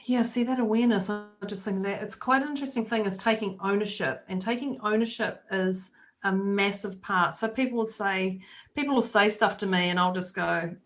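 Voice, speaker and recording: A woman's voice: medium pitch, normal speed. A woman co-hosting a talk podcast, chatting casually and acting out the voices of people in her story. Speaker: podcast co-host. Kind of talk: casual chat.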